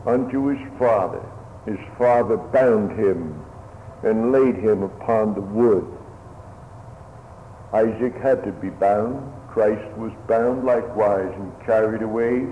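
Male preacher, slow solemn pulpit delivery, tinny radio sound with a long hall echo. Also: medium pitch, a little hiss or hum. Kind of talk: sermon. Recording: phone-like radio broadcast in a reverberant hall.

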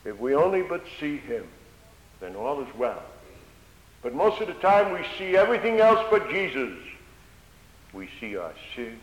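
A man preaching a sermon in an old-fashioned cadence, swelling loud and then dropping to a hush. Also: fairly high pitch, very animated, normal speed, long pauses. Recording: echoey hall with faint hiss.

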